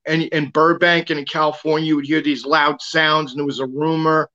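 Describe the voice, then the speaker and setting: A man's voice: a little high, flat delivery, brisk, bright, forceful tone, lo-fi sound. A man guest telling a long personal story in casual talk, rambling with lots of fillers and restarts.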